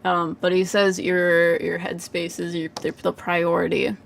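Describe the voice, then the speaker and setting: Gravelly-voiced woman chatting on a livestream. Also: lowish voice, level tone, unhurried. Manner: chatty, lots of "like" fillers, laughs often, swears casually. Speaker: psychic medium giving live readings. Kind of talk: casual livestream chat.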